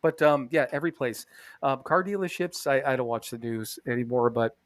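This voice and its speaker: A man's voice: medium pitch, fairly quick, no room sound, clean studio sound. A man co-hosting a podcast in casual chat, rambling, swearing a lot and laughing often, talking from a bathroom. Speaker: podcast co-host.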